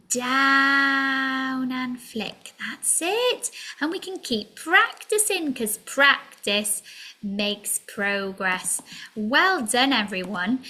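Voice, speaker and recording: A woman's voice: high voice, sharp tone. A woman teaching a children's phonics lesson in a sing-song way, drawing out letter sounds and slipping into whispered asides.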